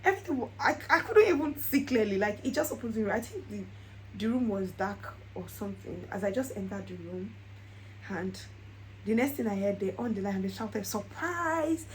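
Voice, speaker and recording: A woman's voice: mid-range voice, lively intonation, moderate pace, slight background noise, rough recording. A young woman, telling a personal story in a casual vlog and laughing often. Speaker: vlogger.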